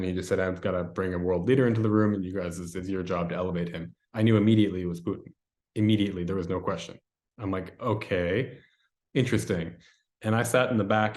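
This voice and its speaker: A man's voice: deep voice, a little mellow. A man as an interview guest, recounting an experience in a rambling, casual way with many fillers. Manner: rambling, filler-heavy storytelling.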